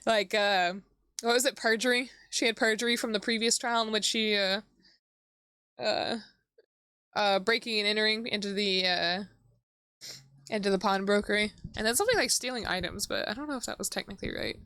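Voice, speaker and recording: A woman streaming a game, reading its dialogue and reacting, excitable and giggly, sometimes swearing. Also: medium pitch, brisk, no echo, clean studio sound. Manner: excitable and giggly, swears, talks to her dog. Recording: clear background music.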